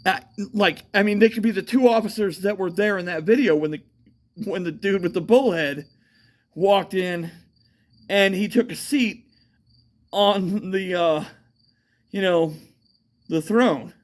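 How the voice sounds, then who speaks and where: A man's voice: sits high, a little slow, pauses often. A man talking in a casual, meandering monologue, swearing often and restarting his sentences with lots of fillers. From United States. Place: outdoors at night.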